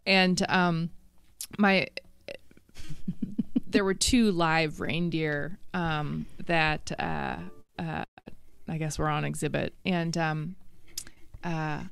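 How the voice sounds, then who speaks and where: A woman's voice: on the low side, vocal fry, a bit bright, smooth, no room sound. A woman guest on a podcast, telling a family story with a laugh in her voice. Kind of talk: casual podcast chat.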